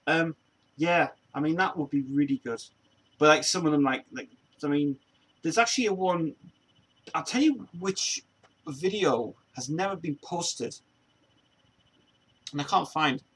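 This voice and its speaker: A man's voice: fairly high pitch, fairly bright tone, husky. A man hosting a casual chat show, rambling with many restarts and laughing often. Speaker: show host.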